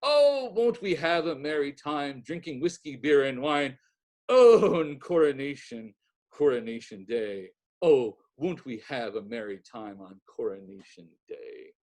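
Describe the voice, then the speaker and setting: A man putting on a booming, jolly young prankster. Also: very animated, moderate pace, mellow, slightly rough. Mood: singing raucously. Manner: hearty, booming, sings off-key. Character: boisterous mocking young man, loud and jolly.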